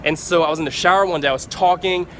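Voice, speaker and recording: A man vlogging to camera, giving casual advice in an animated way, swearing freely and acting out excited examples. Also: high voice, fast, slight background noise.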